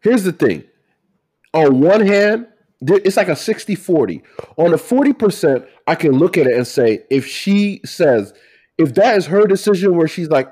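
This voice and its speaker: A man co-hosting a casual talk, emphatic and animated, repeating his points. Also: fairly high pitch, normal speed, husky. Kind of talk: casual chat.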